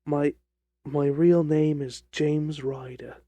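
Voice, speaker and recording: A man's voice: a little high, animated, slow pace, gravelly, darkish tone, dry recording, heavily acted. A man voicing a nervous, frightened little hotel attendant who stammers and pleads in an audiobook reading of a detective story. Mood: stammering.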